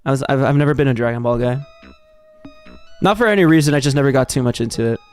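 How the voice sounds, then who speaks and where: A man's voice: medium pitch, animated, quick pace, a little mellow, clear, resonant tone, soft background music. A young man from Texas streaming live, chatting loosely and reading viewer messages, rambling with lots of fillers and restarts.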